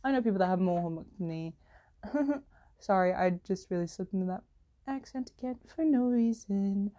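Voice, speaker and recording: A woman's voice: moderate pace, dull audio. Rambling teenage girl vlogging. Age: teens. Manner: rambling, heavy use of "like" and "literally"; animated, jumps in pitch when exasperated. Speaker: student vlogger. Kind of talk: casual chat to camera.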